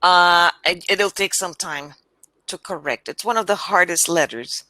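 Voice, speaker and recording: Slow-spoken, bright-voiced woman tutor. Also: fairly low pitch, no room sound. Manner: patient, encouraging, slow careful enunciation. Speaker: English tutor. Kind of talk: online one-on-one language lesson. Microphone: video call.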